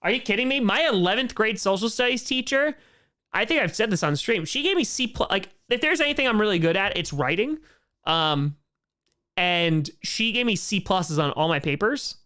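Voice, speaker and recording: A man's voice: sits high, expressive, normal speed, sharp tone. Rambling male livestream host. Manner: rambling, lots of "like" and "um" fillers, candid opinions. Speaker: streamer host answering chat. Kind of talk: casual livestream Q&A.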